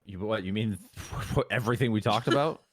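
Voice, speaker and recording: Deep-voiced exasperated man in roleplay. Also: moderate pace, dry recording. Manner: exasperated, defensive. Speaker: police officer roleplayer. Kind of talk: casual in-character roleplay chat.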